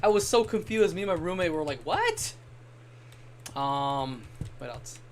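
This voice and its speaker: A man's voice: a little high, animated, normal speed, a little mellow. A young man chatting casually while streaming a game, telling long rambling stories and swearing now and then. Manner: rambling anecdotal storytelling, occasional swearing. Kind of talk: casual gaming stream chat.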